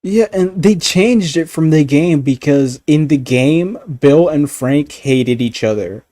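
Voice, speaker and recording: A man chatting casually and swearing freely. He stammers through restarts and laughs easily, and his voice is warm and mellow. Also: fairly high pitch, slow. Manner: rambling, stammering, profane, laughing. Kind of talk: casual chat.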